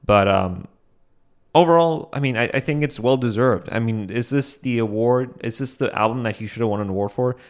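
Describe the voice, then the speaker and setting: A man's voice: mid-range voice, brisk. A young man hosting a solo podcast, rambling with many fillers and asides, self-deprecating, and chuckling often. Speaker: podcast host.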